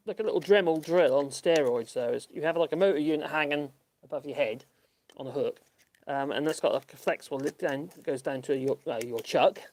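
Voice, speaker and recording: His voice sits on the high side with a darkish tone. As host of a woodworking channel, he chats casually and rambles to the camera while working on a project in his workshop, chuckling and talking to himself along the way.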